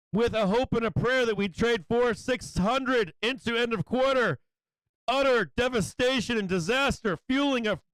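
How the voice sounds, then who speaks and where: A man hosting a live stock market stream, calling prices in an excitable, hyped way and chuckling often. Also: high voice, clean tone, dry recording, rough recording. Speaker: stock market livestream host. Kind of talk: live trading commentary.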